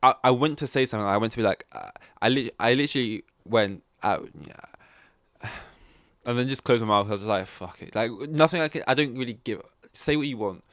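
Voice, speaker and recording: A man's voice: medium pitch, fairly quick, fairly bright tone, no room sound, studio quality. A young man, hosting a casual solo podcast and telling a story in a rambling, blunt, laid-back way with some swearing. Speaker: podcast host.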